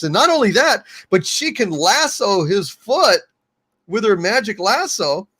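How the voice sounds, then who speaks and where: A man co-hosting a casual podcast and mocking a film with sarcasm. His voice is fairly high for a man and very animated, swinging up and down as he talks. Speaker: show co-host. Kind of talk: casual podcast movie review.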